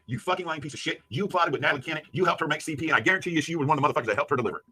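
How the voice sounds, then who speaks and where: A man shouting a profane, angry livestream rant, hurling insults at a rival. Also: fairly high pitch, rapid-fire, slightly rough. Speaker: YouTube streamer.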